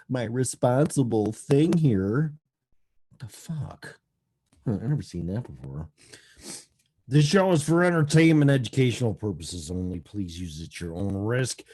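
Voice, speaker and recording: Profane, animated man hosting a stream. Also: on the low side. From Colorado. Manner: profane, rambling, sarcastic. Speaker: host of a live talk stream. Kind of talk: casual live-stream talk show. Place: at home, audio only.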